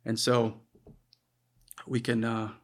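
A man's voice: medium pitch, monotone, slow pace. A man preaching a sermon in an earnest, conversational way, often restarting his sentences.

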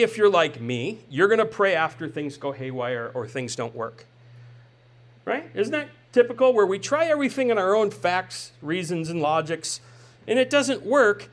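A man's voice: sits high, a bit bright. A man in his forties preaching a sermon in a conversational way, asking rhetorical questions and often adding "right?". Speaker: pastor.

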